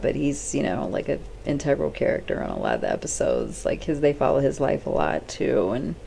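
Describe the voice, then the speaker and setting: A woman's voice: deep voice, creaky, warm tone, a little hiss or hum. A woman hosting her own video, rambling off the cuff and acting out characters' lines, blunt and swearing casually. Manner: rambling, chatty, acts out characters' lines with "she's like". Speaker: host.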